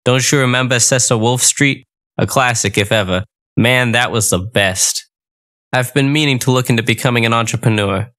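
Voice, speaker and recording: Bright-voiced man narrating a comic story. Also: mid-range voice, normal speed. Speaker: audiobook narrator.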